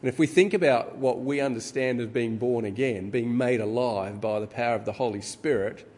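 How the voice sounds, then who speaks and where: A middle-aged man preaching a sermon, teaching in a measured way with frequent ums. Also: mid-range voice, darkish tone. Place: church hall. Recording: reverberant hall with faint ambience.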